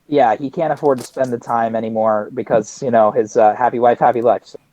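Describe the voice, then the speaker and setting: A man's voice: mid-range voice, steady tone, a little fast, warm tone, dry recording. A man playing a tabletop game, chatting casually and narrating what his character does. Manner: chatty, narrates own actions. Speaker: tabletop player. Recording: dull lo-fi dry sound.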